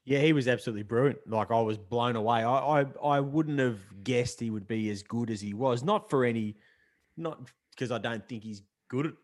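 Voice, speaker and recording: A man's voice: medium pitch, normal speed, no room sound, studio quality. A man guesting on a motorsport podcast, enthusiastic and talkative in long flowing turns. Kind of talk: casual motorsport chat.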